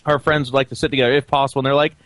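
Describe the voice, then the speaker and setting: A man co-hosting a casual podcast, telling a quick, relaxed anecdote. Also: medium pitch, dry recording. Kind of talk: casual storytelling.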